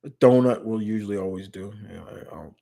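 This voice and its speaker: A man's voice: fairly low pitch, fast, gravelly, mellow. A man hosting a live stream Q&A in casual chat, rambling and often restarting or correcting himself mid-sentence. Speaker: live stream host answering viewer questions.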